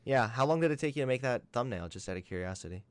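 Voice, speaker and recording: A young man talks in a sarcastic, combative commentary style. His pitch swings widely from low to high, and the recording is dry and close. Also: lively intonation, very fast, clean tone, dry recording. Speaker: commentary streamer. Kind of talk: reaction commentary and phone debate.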